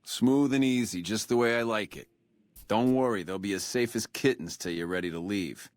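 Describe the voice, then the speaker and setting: An actor playing a laid-back male robot doorman in a video game, talking in smooth, slick hipster slang. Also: fairly low pitch, normal speed, dry recording, close to an everyday voice.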